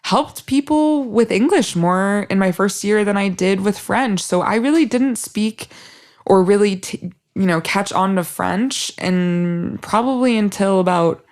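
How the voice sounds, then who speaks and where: A woman's voice: mid-range voice, measured pace, a little mellow. A young woman, a podcast guest, chatting casually in a self-deprecating way and often trailing off mid-sentence. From United States. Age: young adult. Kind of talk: casual chat.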